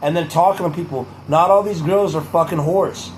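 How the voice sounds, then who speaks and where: High-voiced young man rambling to camera. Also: moderate pace, slight background noise, poor audio. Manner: profane, repeats "truly", drifts into a mock-presidential cadence. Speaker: vlogger. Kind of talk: rambling casual monologue to camera.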